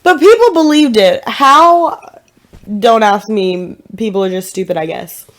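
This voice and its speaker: A fairly high-pitched, expressive woman in her twenties from Tennessee co-hosts a casual podcast at a slightly slow pace. She keeps things chatty and playful, laughing frequently.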